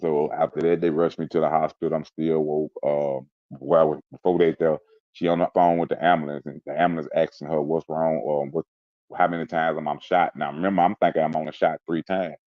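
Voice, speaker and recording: A man's voice: very deep voice, level tone, a little fast, dry recording, narrow, tinny audio. A man telling a personal story in an interview, in an intense, emphatic way, sometimes mimicking sounds. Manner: intense, emphatic retelling with spoken sound effects. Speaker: interview guest. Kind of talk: personal storytelling in casual chat.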